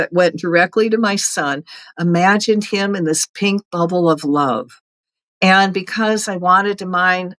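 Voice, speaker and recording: A woman's voice: mid-range voice, fairly bright tone, no room sound, rough recording. A middle-aged woman hosting a casual spiritual talk, earnest, chatty and encouraging. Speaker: host.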